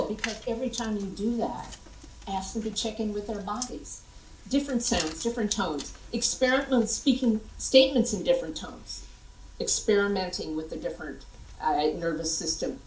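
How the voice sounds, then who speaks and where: A middle-aged American woman giving a lively conference workshop and demonstrating vocal tones to the audience. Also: mid-range voice, normal speed, slight background noise. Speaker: workshop presenter. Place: large conference hall. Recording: echoey hall, voice from far off.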